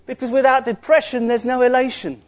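A man's voice: extremely high pitch, level tone, brisk. A man preaching a sermon in an earnest, conversational way, with asides to the congregation.

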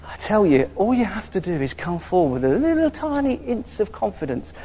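Man, high voice, casual lively preaching, church hall echo. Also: moderate pace. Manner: lively, conversational preaching with frequent hallelujahs. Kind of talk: sermon. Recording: hall reverb.

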